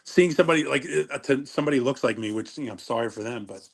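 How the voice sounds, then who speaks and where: A man's voice: mid-range voice, fast, slightly rough. A middle-aged man, a former wrestler telling stories in a casual interview, rambling and cutting himself off mid-sentence. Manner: rambling, self-interrupting storyteller.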